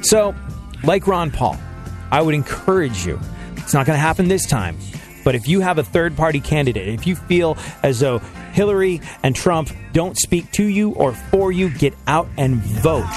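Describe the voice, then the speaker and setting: A man's voice: fairly high pitch, sing-song, moderate pace, music in the background. A man hosting a radio show in casual chat, joking, laughing often and rambling.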